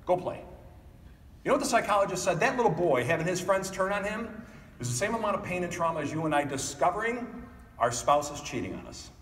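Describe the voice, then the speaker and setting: Middle-aged guy doing a keynote, lively up and down delivery, big echoey hall sound. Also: high voice, recorded from a distance, slight background noise. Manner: animated, acts out family members in quick voices. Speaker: keynote speaker. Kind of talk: motivational keynote speech. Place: large hall.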